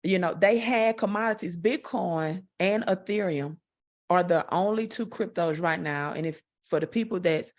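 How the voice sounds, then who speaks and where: Southern lady, slowish direct talker, kinda low voice, lots of ums. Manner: direct, confident, slow-paced with fillers. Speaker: guest, network marketer. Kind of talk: interview answers.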